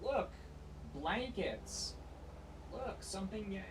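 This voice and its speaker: A man's voice: sits high, sing-song, takes it slowly, a bit bright, slight background noise. A man casually chatting to his viewers while playing a game on a livestream, rambling with jokey asides. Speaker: streamer. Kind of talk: casual gaming livestream chat.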